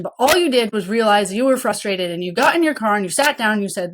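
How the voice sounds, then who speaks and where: A woman's voice: medium pitch, expressive, fast, hardly any pauses. Earnest woman coaching listeners, checking in often. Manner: earnest and coaching, with frequent "okay?" check-ins; acts out worried caregivers' inner voices. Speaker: podcast host and mentoring program founder. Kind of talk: casual teaching monologue.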